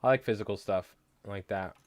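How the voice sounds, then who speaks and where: A man's voice: lowish voice, brisk. A young adult man hosting a live stream, chatting casually and rambling through stories full of filler words and swearing. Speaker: livestream host. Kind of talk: casual chat while tying flies on a live stream.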